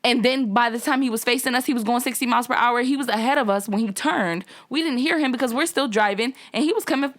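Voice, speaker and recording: Young woman, podcast co-host, slightly high voice, animated storyteller in casual chat. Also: fast talker, few pauses. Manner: animated storytelling, acts out voices in her retelling. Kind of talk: casual chat among friends.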